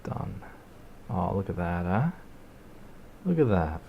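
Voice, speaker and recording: A man's voice: low-pitched, sing-song, slow pace, creaky, highs cut off, a little hiss or hum. An Australian man casually commenting on his gameplay in a rambling, laid-back way, swearing and laughing now and then. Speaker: streamer.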